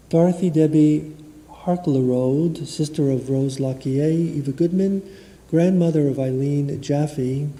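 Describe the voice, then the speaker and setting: A man leading a synagogue prayer service, reading a memorial list of names in a measured way and chanting prayers in a large sanctuary. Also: on the high side, mellow. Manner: chants Kaddish prayer slowly. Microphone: livestream room mic. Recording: long reverb of a large sanctuary.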